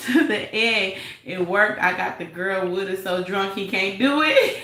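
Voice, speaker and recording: A woman's voice: mid-range voice, a little slow, sharp tone, reverberant, low-quality recording. A woman hosting a live stream, reading chat and gossiping in a sassy, laughing way. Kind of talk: casual live chat commentary.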